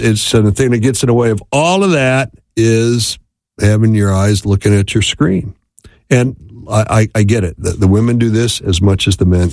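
A man's voice: lowish voice, darkish tone, no room sound. A man giving a conversational talk on listening in marriage, often checking in with the listener. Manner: conversational, repeats "right?" to check in. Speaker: marriage teacher. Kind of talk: instructional talk.

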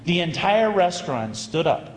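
Man, priest, animated storytelling sermon, roomy sound, faint background hiss. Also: high-pitched, normal speed. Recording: echoey hall with long reverb and faint hiss.

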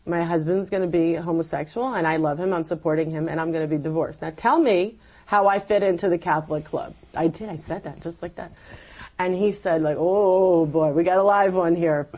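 A woman with a fairly low voice recounts her journey of faith as an interview guest. She tells it vividly, acting out her own past words in quotes. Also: a little fast, a little mellow, slightly rough, low-quality recording. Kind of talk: personal faith testimony.

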